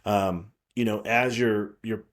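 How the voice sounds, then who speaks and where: A man with a fairly low voice hosts his own podcast, speaking as a prenatal chiropractor. He talks loosely and reassuringly, often restarting his sentences and filling pauses as he goes. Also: steady tone. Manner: rambling, reassuring, frequent restarts and fillers. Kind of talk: solo podcast monologue.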